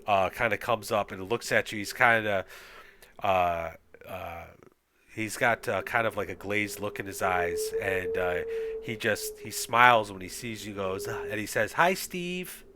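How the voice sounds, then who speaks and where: Deep-voiced game master. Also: male voice, fairly even intonation, noisy background. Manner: halting, lots of fillers. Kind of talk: narrating a tabletop game.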